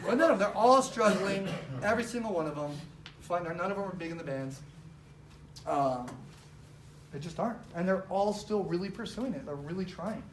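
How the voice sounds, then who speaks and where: Animated woman speaking in a roomy hall. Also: fairly low pitch, moderate pace. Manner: animated, casual, with frequent fillers. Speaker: speaker at a business training. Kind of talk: motivational storytelling talk. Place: event room with a live audience. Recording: roomy, distant mic, faint background noise.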